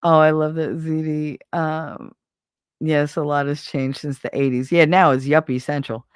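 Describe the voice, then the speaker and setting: A middle-aged woman with a New York accent, hosting a casual chat and telling stories with lots of swearing and lively impressions of neighbors. Her voice sits low, and the sound is dry and close, with no room echo. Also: normal speed, clear, resonant tone. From Brooklyn, New York. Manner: animated, profane, acts out neighborhood voices. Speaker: show host.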